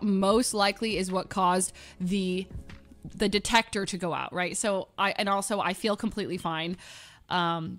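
A young woman streamer dramatically telling a story to her chat, excitable and laughing often. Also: mid-range voice.

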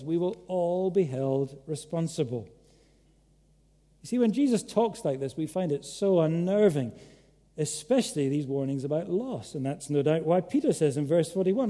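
Dark-voiced man preaching in an echoey church. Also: a little high. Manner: earnest, emphatic, questioning the listeners. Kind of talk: sermon. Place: large church hall.

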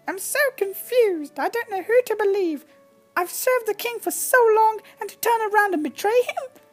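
A woman's voice: extremely high pitch, moderate pace, soft background music, voice pushed up. A woman voicing an anxious male elder who is torn over his loyalty, in a fretful manner for a game. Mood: anguished.

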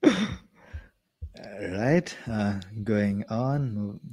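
A man's voice: fairly low pitch, very animated, very slow, darkish tone, no echo. Man host asking short questions. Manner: short questions and brief acknowledgements. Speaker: interview host. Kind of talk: casual livestream interview.

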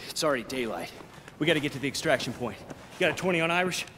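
An actor playing a veteran male squad leader giving brisk radio commands in a war game. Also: fairly high pitch, lively intonation, a little hiss or hum. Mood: commanding. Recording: reverberant space with loud ambience.

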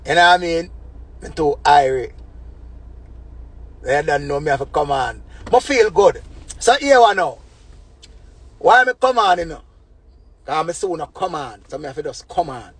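A man with a Jamaican accent talking on a phone live stream, rambling in patois with proverbs and shout-outs. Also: a little high, animated, moderate pace, long pauses, breathy edge. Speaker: livestream host. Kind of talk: casual live-stream talk.

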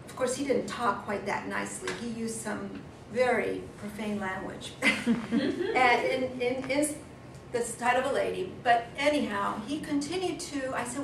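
Lively woman telling a funny story. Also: fairly high pitch, a little slow, creaky. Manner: lively, chuckling storyteller who acts out sounds. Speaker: guest speaker. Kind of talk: humorous storytelling speech. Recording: echoey room from far off with noise.

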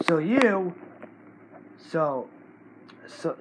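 Brief: man, high voice, swings widely up and down, unhurried, repetitive scolding rant. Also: sing-song, very noisy. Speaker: channel owner. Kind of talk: angry rant to camera.

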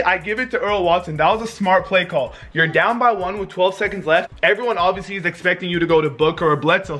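High-voiced anxious young man, pleading. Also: fairly bright tone. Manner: anxious, pleading, swearing, swings between panic and groans. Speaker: vlogger reacting to a basketball game. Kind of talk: live sports reaction. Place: home, indoors. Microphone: handheld camera.

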